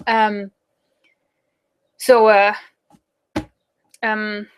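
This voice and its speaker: A woman's voice: mid-range voice, flat delivery, very slow, slight background noise. A young German woman hosting a casual live Q&A, chatty and fidgety with lots of ums and likes, speaking English with a German accent. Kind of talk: casual live chat answering viewer questions.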